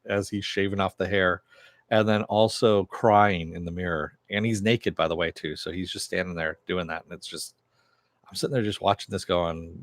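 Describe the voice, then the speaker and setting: A man with a lowish voice, recorded dry and close with no room sound. He retells a TV episode in a loose, chatty way, with fillers and the odd swear word. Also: steady tone, normal speed, no room sound. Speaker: TV show reviewer. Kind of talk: casual episode recap.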